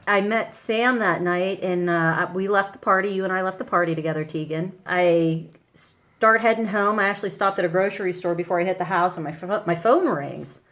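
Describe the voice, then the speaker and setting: A woman hosting a casual talk show, telling a story with lively acted-out quotes. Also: lowish voice, brisk. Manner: animated, acts out quoted voices. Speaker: podcast host.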